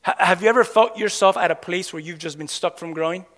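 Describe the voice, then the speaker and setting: This pastor's high, fairly bright voice moves quickly through a sermon in a church sanctuary, carried by long hall reverb. He throws emphatic questions at the congregation and holds for their replies, call-and-response style.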